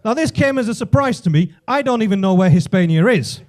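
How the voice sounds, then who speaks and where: High-voiced English stand-up comic. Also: male voice, brisk. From England. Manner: animated storytelling, casual swearing. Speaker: stand-up comedian. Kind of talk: stand-up comedy routine. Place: comedy club stage.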